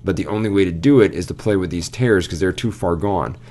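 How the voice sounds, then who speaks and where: Very low-voiced man retelling a game ending. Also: brisk. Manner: animated retelling, quotes game characters. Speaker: podcast co-host. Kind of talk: casual chat.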